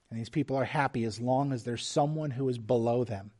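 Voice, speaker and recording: A man preaching a sermon as pastor, earnest and measured, with restarts and small asides. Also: medium pitch, a little mellow.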